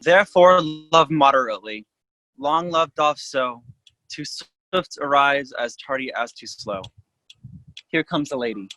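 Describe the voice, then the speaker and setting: A man's voice: mid-range voice, expressive, a little slow, sharp tone, no room sound, rough recording. Teen boy playing a cautioning friar. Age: teens.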